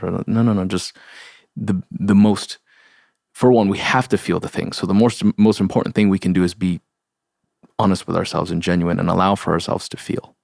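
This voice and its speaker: Young male podcast host, slow searching delivery, dry close sound. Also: low voice, flat delivery, creaky, a little mellow, dry recording. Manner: slow, halting, searching for words with many fillers; sincere, open about grief. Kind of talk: reflective solo podcast talk.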